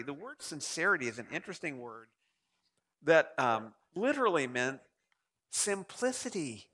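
A man preaching a sermon in a high, bright voice that rises and falls a great deal. He keeps turning to his listeners with rhetorical questions. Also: very animated, moderate pace. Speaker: pastor.

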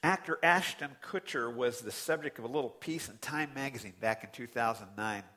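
A man preaching a sermon as pastor, animated and conversational, with sudden loud outbursts. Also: mid-range voice, fairly quick.

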